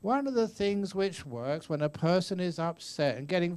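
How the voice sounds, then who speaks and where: A man's voice: sits high, animated, normal speed, hardly any pauses, darkish tone. Man in his 60s, Buddhist teacher, chatty storyteller style. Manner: chatty storyteller, acts out voices, laughs often. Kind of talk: dharma talk answering questions. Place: meditation retreat hall.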